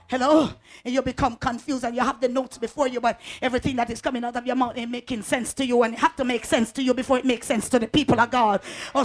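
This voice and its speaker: A woman preacher delivering a fervent sermon, calling out to the congregation and swinging from quiet talk to shouting. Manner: call-and-response, swings from low talk to shouting.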